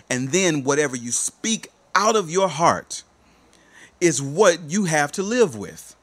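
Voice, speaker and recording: Man coaching with rhetorical questions. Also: on the high side. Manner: preachy, repeats rhetorical questions, swings between soft and emphatic. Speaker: life coach. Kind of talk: motivational monologue to listeners.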